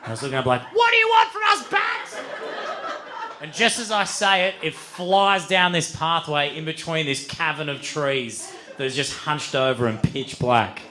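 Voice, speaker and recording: A young man doing stand-up, telling a wild story with lots of swearing and sudden loud acted-out outbursts. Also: fairly high pitch, normal speed, background noise. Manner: animated, swears freely, acts out voices with loud outbursts. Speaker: stand-up comedian. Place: comedy venue stage with audience.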